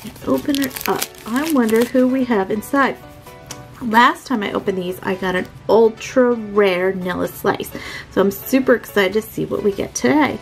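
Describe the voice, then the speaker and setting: A woman's voice: medium pitch, normal speed, creaky, soft background music, rough recording. A woman narrating a toy unboxing in a sweet, gushing, sing-song way.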